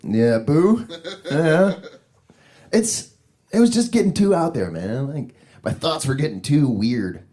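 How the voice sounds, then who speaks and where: A man's voice: fairly high pitch, sing-song, takes it slowly, long pauses, warm tone. A man doing a rambling, profane stand-up comedy set, chuckling at his own jokes. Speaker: stand-up comic. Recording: live club recording with crowd noise.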